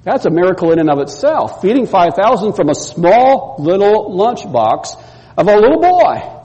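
High-voiced preacher in a reverberant hall. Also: male voice, sing-song, normal speed, warm tone. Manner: storytelling, acts out quoted voices, repeats words. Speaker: pastor. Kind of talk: sermon.

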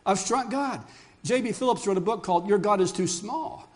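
High-voiced older man preaching a sermon. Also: a little fast. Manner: animated storyteller who asks the congregation questions. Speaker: pastor.

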